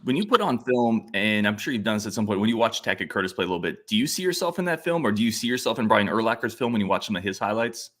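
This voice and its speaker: A man hosting a podcast, asking casual interview questions in a friendly, brisk way. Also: on the low side, animated, fairly bright tone. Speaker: podcast host.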